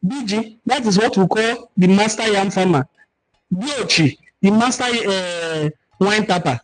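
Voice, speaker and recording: A Nigerian man hosting a cultural livestream, teaching in an animated, emphatic way and reading out viewer comments. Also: sits high, a little slow, slight background noise, low-quality recording. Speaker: cultural talk host.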